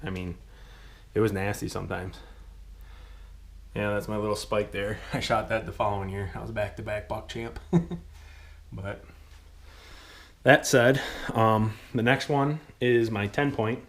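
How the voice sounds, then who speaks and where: Young man, low voice, casual hunting story, excitable, rambling, ums and chuckles. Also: unhurried, long pauses. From Michigan. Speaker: hunting channel host.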